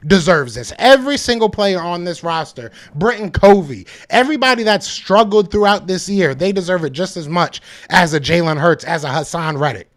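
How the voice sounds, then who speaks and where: A male podcast host talking to his live chat, hyped and emphatic, repeating himself, with a voice that is going hoarse. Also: sits high, expressive, normal speed, hardly any pauses, a bit bright. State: losing his voice, coughing. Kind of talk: live-stream fan talk to chat.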